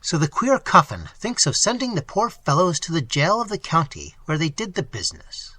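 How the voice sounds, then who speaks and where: An eager, loyal robber sidekick, as a male reader puts him on, full of slangy admiration for his captain. The voice is bright and husky with wide, lively pitch, dry and close. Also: normal speed, dry recording, full character voice.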